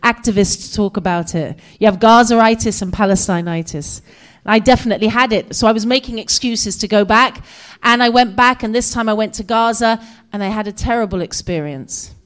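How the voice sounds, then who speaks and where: A British woman in her forties tells a personal story to an audience, her voice a little high. She is animated and expressive. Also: normal speed. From Britain. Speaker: guest speaker. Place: community center hall.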